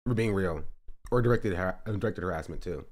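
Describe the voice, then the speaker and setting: Guy streaming, chatting loose and rambly, voice shoots up when he gets heated. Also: fairly quick. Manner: animated, rambling, jumps up in pitch when riled. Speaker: streamer reacting to a podcast clip. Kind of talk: casual live-stream commentary.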